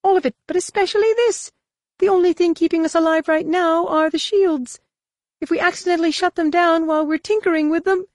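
Woman doing a high, snippy male alien. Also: steady tone, a little mellow, no room sound, clean studio sound. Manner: snippy, quick retorts. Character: sharp-tongued male alien mechanic. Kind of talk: audiobook character voice.

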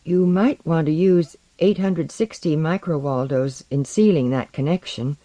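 A narrator voicing a meek male engineer who speaks in a soft, hesitant voice. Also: medium pitch, lively intonation, measured pace, dry recording.

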